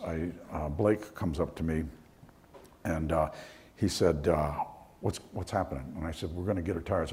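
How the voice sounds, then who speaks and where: A man preaching a sermon in a low, mellow voice, moving easily between everyday anecdotes and points made with rising fervor. His delivery stays conversational and story-driven, with plenty of restarts as he talks. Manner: conversational storytelling, voice climbing higher and louder when preaching. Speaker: pastor. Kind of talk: sermon with personal stories.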